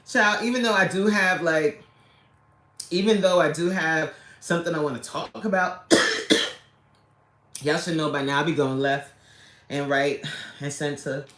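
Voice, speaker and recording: A woman of middle pitch hosts a casual livestream, talking in a slow, unhurried way. She chats loosely with her viewers, greets them by name and jokes as she goes. The sound rings around an echoey room. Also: a bit bright. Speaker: livestream host and coach.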